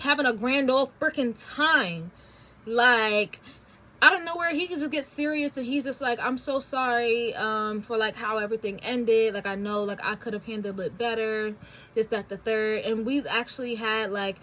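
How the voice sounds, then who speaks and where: Young woman host, high-ish voice, chatty slangy storytelling. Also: a bit bright. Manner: chatty, candid, quick asides and slangy phrasing. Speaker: podcast host. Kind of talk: casual storytelling.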